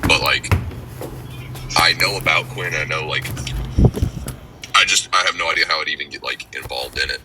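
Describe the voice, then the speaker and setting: A man's voice: rumbling low, normal speed, long pauses, music in the background, poor audio. A man chatting casually with friends on a call, rambling and filling his sentences with "like". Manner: rambling, lots of "like". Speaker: podcast host. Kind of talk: casual chat among friends.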